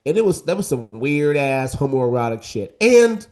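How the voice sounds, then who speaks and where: A man's voice: mid-range voice, very animated, normal speed, darkish tone. Emphatic campy male podcast co-host. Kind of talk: casual podcast debate.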